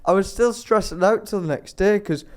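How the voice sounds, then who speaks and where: Young man, smooth clear voice, slightly high, rambling casual storytelling. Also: normal speed. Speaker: podcast co-host. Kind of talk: casual chat.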